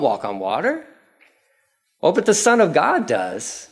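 A man preaching a casual, conversational sermon, telling the story vividly and acting out prayers in a raised voice. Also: unhurried. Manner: animated storytelling, acts out prayers in a raised pitch. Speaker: pastor.

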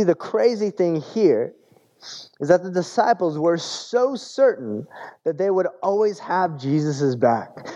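A man preaching a sermon in a relaxed, conversational way, often repeating words as he searches for the phrase. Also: a little high, dull audio. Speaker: pastor.

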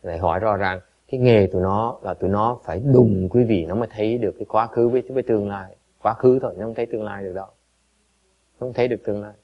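A man giving a Buddhist dharma talk, telling a story in a halting way with many repeated words and switches between two languages. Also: on the low side. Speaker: Buddhist teacher. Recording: dull lo-fi recording.

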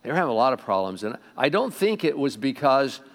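A male pastor delivers a sermon to his congregation in a church, his voice at an everyday middle pitch. He is animated, jumping from loud, emphatic lines to low, quiet asides. He keeps turning to the room with direct questions. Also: quick pace. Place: church sanctuary before a congregation.

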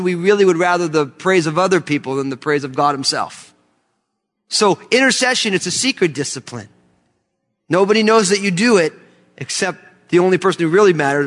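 High-voiced fervent male preacher. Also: fairly bright tone. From United States. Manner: emphatic, fervent preaching with rhetorical questions. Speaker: pastor. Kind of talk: sermon. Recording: long hall reverb.

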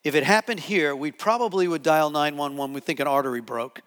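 A man preaching a sermon to a live audience, telling a story with lively acted-out quotes. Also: fairly high pitch, a little fast. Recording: long hall reverb.

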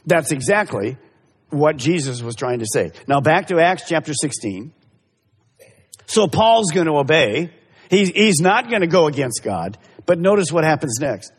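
Husky, animated preaching man. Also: on the high side, moderate pace. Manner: emphatic, repeats key phrases, addresses congregation directly. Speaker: pastor. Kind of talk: sermon. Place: church service. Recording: echoey hall reverb.

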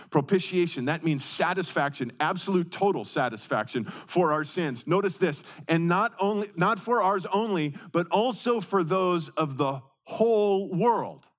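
A man preaching a sermon as pastor, repeating key words for stress and swinging between quick bursts and slow, drawn-out phrases. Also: high-pitched.

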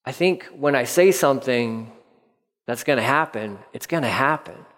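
A man's voice: medium pitch, lively intonation, normal speed, a bit bright, big-room sound. A male pastor preaching a sermon, telling the story vividly and repeating key lines for emphasis.

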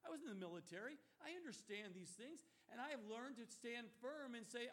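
A middle-aged male pastor delivers a sermon in a notably high voice. He preaches emphatically, rising to loud rhetorical questions and dropping to hushed, earnest warnings. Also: lively intonation, a little fast, vocal fry.

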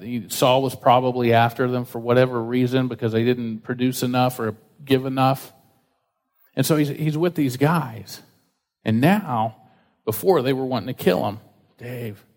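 A man preaching a sermon in a casual, conversational way, acting out quotes with lively voices. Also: mid-range voice. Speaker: pastor. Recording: reverberant hall.

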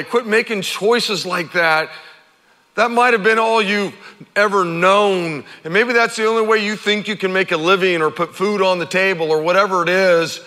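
A middle-aged man preaching a sermon as pastor, conversational and animated, acting out quotes. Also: sits high. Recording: long hall reverb.

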